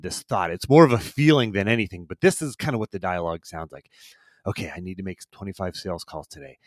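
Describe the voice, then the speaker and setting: Male performance coach, podcast host; deeper register, punchy and repetitive for emphasis, dry close sound. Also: no room sound. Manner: energetic, emphatic, repeats key phrases for effect. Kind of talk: solo motivational podcast monologue.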